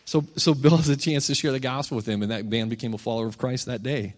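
Speaking fast in a mid-range voice, a man preaches in a large hall as a campus ministry preacher. His sermon mixes storytelling and scripture reading in an easygoing, conversational style, livening up whenever he acts out characters.

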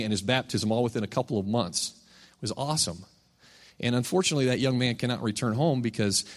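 A man's voice: medium pitch, in a large hall. A man preaching a sermon, telling stories and reading scripture in a casual, conversational way. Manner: conversational, animated when voicing characters in stories. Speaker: campus ministry preacher.

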